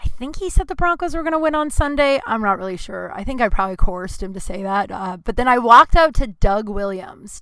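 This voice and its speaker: A woman comedian hosting her podcast, telling stories in a blunt, profane, animated way. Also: medium pitch, clean tone, no echo. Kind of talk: casual storytelling monologue. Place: indoor room.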